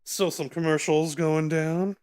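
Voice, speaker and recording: A man hosting a live stream from home, giving casual play-by-play commentary in a relaxed, chatty way with frequent asides and fillers, speaking close to his microphone. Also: on the high side, a little slow. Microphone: close microphone in front of his face.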